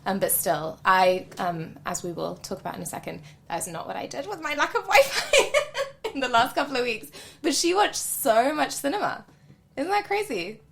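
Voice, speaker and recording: A woman's voice: on the high side, very animated, moderate pace, vocal fry, background noise. A woman co-hosting a podcast, chatting casually and laughing often, with a lot of "like" and "um". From not from the UK. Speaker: podcast co-host. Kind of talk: casual chat.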